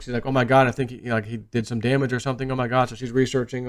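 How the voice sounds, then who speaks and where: A man hosting his own video channel, telling a personal story in a rambling, animated way that often trails off quietly. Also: mid-range voice, racing, few pauses. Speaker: video host. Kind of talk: casual storytelling monologue.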